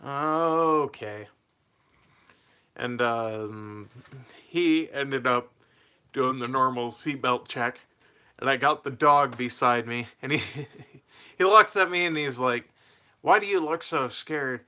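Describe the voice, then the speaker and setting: A man's voice: mid-range voice, slow, pauses often, pushed and bright, clear, resonant tone. A young man telling a personal story in a casual, rambling way, laughing mid-sentence and losing his train of thought.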